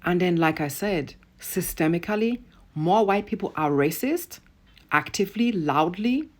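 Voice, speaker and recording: A woman's voice: lowish voice, animated, measured pace, a little mellow. A woman online commentator delivering a blunt, profane, emphatic rant straight to camera.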